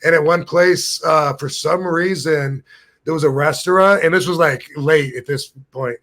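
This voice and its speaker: A man in his fifties, his voice on the high side at normal speed, hosts a podcast of casual storytelling. His anecdotes ramble on at length, animated by voices he puts on.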